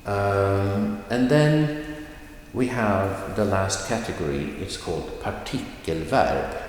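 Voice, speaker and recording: A man teaching a recorded pronunciation lesson, speaking slowly and carefully and repeating example phrases. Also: on the low side, a little hiss or hum. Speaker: language teacher. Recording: echoey room with long reverb.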